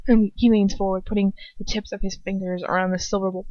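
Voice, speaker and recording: A woman's voice: mid-range voice, flat delivery, fast talker, few pauses, mellow, no echo. A woman reads first-person fan fiction aloud, emotive and casual, stopping now and then for chatty asides. The sound is dry and dull, a lo-fi home recording. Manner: emotive, breaks off into giggly asides.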